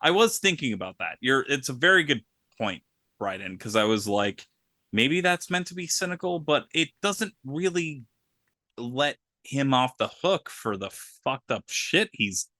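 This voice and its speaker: A man co-hosts a casual film discussion podcast, talking in an animated, emphatic way. His voice is bright and forceful, recorded close and dry with no room sound. He swears freely as he makes his points. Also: mid-range voice, measured pace, dry recording. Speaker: podcast co-host.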